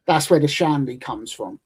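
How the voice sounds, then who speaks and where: British man, 30s, slightly high voice, loose chatty guest talk. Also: expressive, a little slow, breathy edge, rough recording. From United Kingdom. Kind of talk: casual chat.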